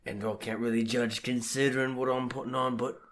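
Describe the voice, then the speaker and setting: A man's voice: medium pitch, little pitch movement, a little fast, a bit bright, a little hiss or hum, close to an everyday voice. A man playing a blunt investigator with a put-on British accent, questioning others during a tabletop game. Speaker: player.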